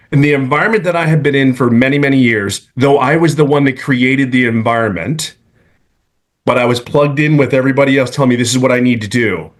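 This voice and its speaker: A middle-aged man from California giving an earnest, rambling testimonial on a video call, full of restarts. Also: mid-range voice. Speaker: webinar guest speaker.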